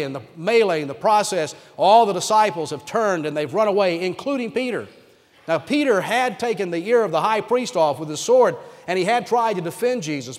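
A male pastor preaching a sermon, retelling scripture dramatically and emphatically. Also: high voice. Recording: reverberant hall sound.

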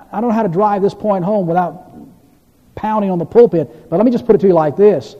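A man pastor preaches with earnest weight, his voice somewhat high yet mellow and dark in tone. He reads scripture with mounting emphasis. The sound is dull and lo-fi, with a long reverb from the church hall around him. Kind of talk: sermon. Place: church sanctuary.

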